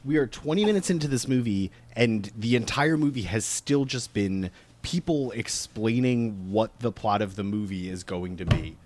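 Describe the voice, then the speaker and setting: A man's voice: fairly low pitch, normal speed, darkish tone, slight background noise. A man co-hosting a podcast, talking about a movie with dry, sardonic, emphatic complaints. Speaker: podcast co-host. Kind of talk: casual movie recap chat.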